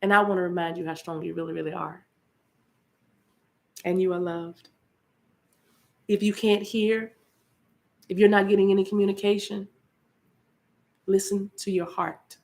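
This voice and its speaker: A woman's voice: mid-range voice, level tone, moderate pace, gravelly, long pauses, a little mellow. Fervent woman preaching to live chat. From Eastern United States. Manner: fervent, rhythmic repetition with bursts of speaking in tongues. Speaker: spiritual livestream host.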